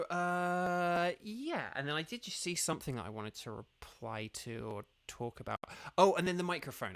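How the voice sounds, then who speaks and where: A man's voice: fairly high pitch, fairly bright tone. Rambling English man streaming casually. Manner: rambling, many fillers and restarts. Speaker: streamer and voice actor. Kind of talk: casual livestream chat.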